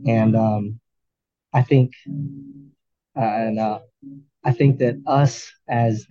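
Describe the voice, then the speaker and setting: A man, a firefighter, talking earnestly as a podcast guest, with halting restarts. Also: mid-range voice, no room sound, highs cut off. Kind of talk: candid interview talk.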